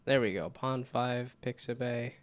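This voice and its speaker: A man's voice: fairly even intonation, unhurried. Rambling, laughing man streaming. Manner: rambling, self-mocking, laughs often; tries silly high whoops. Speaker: streamer and game developer. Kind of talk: casual live-stream chat.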